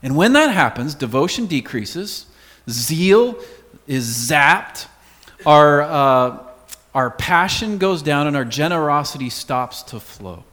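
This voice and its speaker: A man preaching a sermon as pastor, earnest, dropping to a hush on key words. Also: a little high, animated, takes it slowly, long reverb tail.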